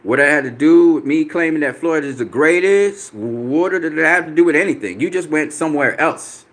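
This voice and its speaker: A man's voice: on the high side, expressive, normal speed, fairly bright tone. A man hosting a boxing channel, answering viewer comments on a live stream in a combative, profane way, repeating himself for emphasis.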